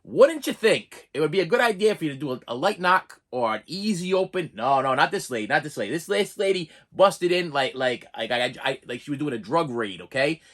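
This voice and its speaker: A young man telling a personal story in a casual vlog, animated and exasperated, often repeating and restarting words. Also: fairly high pitch, brisk, hardly any pauses. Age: young adult.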